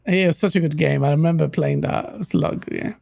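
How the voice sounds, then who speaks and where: Gravelly man, dry close sound. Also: fairly high pitch, steady tone, fast talker, darkish tone, no echo. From London. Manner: laughs often, enthusiastic. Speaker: podcast co-host. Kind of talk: casual podcast chat.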